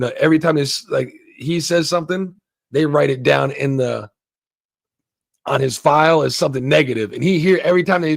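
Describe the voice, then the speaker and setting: A man's voice: on the high side, gravelly, dry recording, studio quality. A man giving a loose, rambling, profane recap and review of a TV episode, acting out the characters' lines as he goes. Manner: rambling, swears a lot, acts out quoted lines. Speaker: show reviewer.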